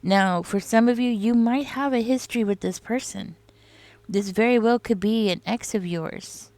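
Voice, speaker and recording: A woman's voice: a little high, moderate pace, a little mellow, no room sound. A woman giving a casual tarot reading, rambling and confiding, with lots of "you know" and "like" as she talks straight to the listener. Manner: confiding, addresses the listener directly. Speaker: tarot reader.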